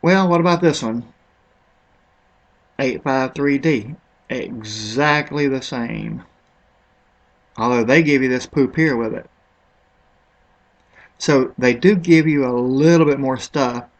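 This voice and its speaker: Speaking slowly and pausing often, a man with a medium-pitched voice gives a rambling, offhand commentary over a screen-recorded product comparison. Some words trip him up because he's unsure how to pronounce them.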